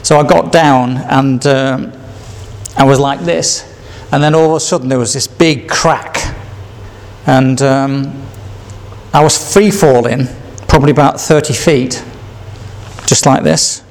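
A man's voice: mid-range voice, steady tone, slow pace. An older man telling a rambling personal testimony, repeating himself and chuckling between memories. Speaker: speaker sharing his testimony.

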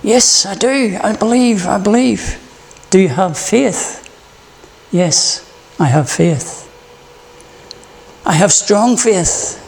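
A preacher tells a joke and plays a desperate hiker clinging to a scrubby bush above a long drop. His voice climbs high as he begs for help, repeating each plea. The telling is slow and deliberate. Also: lively intonation, creaky, darkish tone, a little hiss or hum, heavily acted. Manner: pleading, repeated frantic calls. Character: desperate male hiker hanging off a cliff.

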